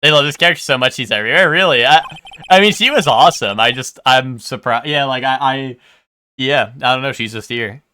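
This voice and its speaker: A man's voice: mid-range voice, a little fast, pushed and bright, a little hiss or hum. A man chatting casually to his viewers while streaming a video game, rambling and asking them questions. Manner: chatty, rambling, talks to chat.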